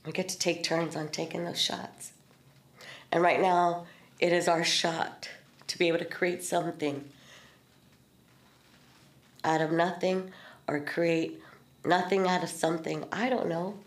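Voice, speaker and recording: A middle-aged woman talks in an earnest, heartfelt storytelling way, mixing spiritual words with casual swearing. Her voice sits a little low. The recording has a noticeable room echo. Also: steady tone, unhurried, pauses often. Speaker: podcast host. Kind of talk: candid heartfelt conversation. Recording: echoey room.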